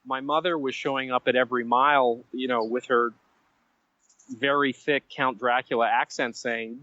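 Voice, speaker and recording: A man telling stories as a podcast guest, animated and self-mocking, drifting into side stories. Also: medium pitch, moderate pace, no echo, lo-fi sound. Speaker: guest writer. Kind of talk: conversational storytelling.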